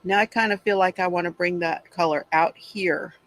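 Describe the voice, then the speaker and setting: A woman's voice: on the low side, fairly even intonation, normal speed, slight background noise. A middle-aged woman hosting a craft livestream, chatting casually and confidingly while she colors, with frequent sighs. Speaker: craft channel host.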